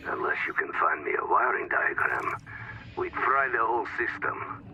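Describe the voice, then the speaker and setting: An actor playing a gruff, practical male crew member in video game dialogue, with a gravelly voice. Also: fairly low pitch, expressive, moderate pace, pushed and bright, lo-fi sound, soft background music, full character voice. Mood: blunt.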